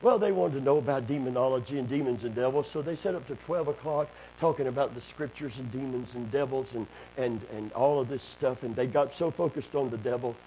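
A man preaching a sermon, calling for amens and building up to shouting. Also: mid-range voice, a little fast, few pauses, slight background noise. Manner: call-and-response, building to shouting.

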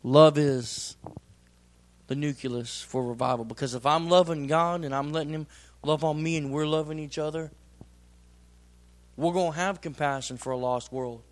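A man preaching a sermon in a plain-spoken, folksy way, swinging from loud emphatic bursts to slow drawn-out phrases. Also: on the high side, fairly even intonation. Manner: folksy, plain-spoken, tells personal stories. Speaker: pastor.

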